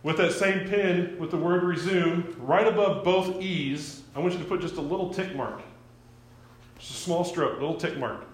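A pastor preaches a sermon in a church sanctuary, his high-sitting male voice moving at a normal speed with a roomy sound. He speaks conversationally, often restarts his words, and asks the congregation questions.

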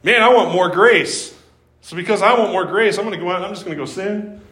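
A preacher putting on a smug, selfish man who talks as if grace is owed to him. The voice rides high and cocky, carefree and mocking, and it rings in a roomy, echoing space. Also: fairly quick, a bit bright. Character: smug selfish male churchgoer bragging about grace. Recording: roomy echo.

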